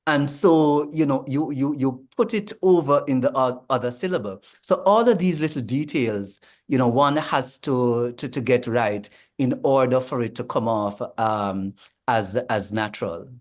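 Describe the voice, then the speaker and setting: A man, a language coach explaining in a panel discussion, measured and full of ums and restarts. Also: medium pitch.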